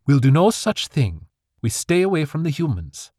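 A man voicing a firm but loving fairy mother who speaks in a measured way. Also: on the high side, very animated, darkish tone, breathy edge, no room sound, clean studio sound, pitched above the performer's own voice. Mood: stern.

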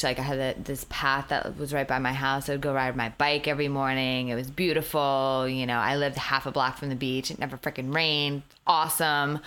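A middle-aged woman from New York with a New York accent, a podcast guest telling stories in blunt, profane, animated casual chat. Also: very deep voice.

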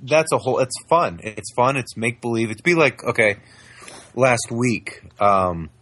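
Husky-voiced dad telling a lively story. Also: male voice, mid-range voice, moderate pace. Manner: animated storytelling, acts out voices. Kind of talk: casual chat.

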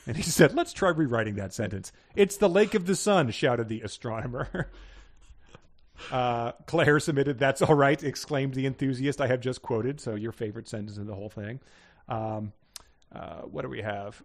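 A podcast co-host reads out listener picks during a casual chat, laughing often and keeping things animated and jokey. His voice is medium in pitch and moves at a moderate pace.

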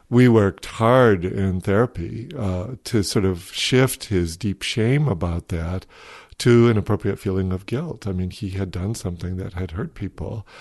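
Gravelly low-voiced man explaining calmly. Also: no echo, clean studio sound. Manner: thoughtful, storytelling, measured. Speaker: psychologist guest expert. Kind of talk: podcast interview, explaining.

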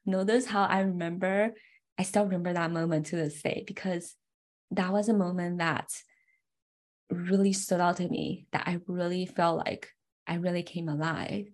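A young adult woman telling a personal memory in an earnest, heartfelt way, often saying "like" and "right". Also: fairly low pitch. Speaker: personal storyteller. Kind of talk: reflective personal story.

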